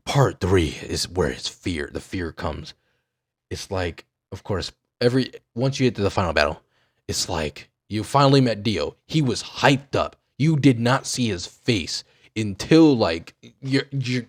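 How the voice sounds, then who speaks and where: Animated, swearing young man. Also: lowish voice. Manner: animated, profane, trails off into mumbles. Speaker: streamer. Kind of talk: casual rant about an anime.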